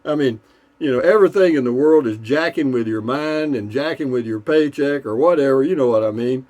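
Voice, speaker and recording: A man spins jokes at his own easy pace, wandering off into asides and "you know what I mean." His voice sits at an ordinary middle pitch, and he pauses to raise a beer and toast his viewers. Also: a little mellow. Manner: rambling, folksy, with frequent fillers and asides. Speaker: joke-telling vlogger. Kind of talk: casual joke telling.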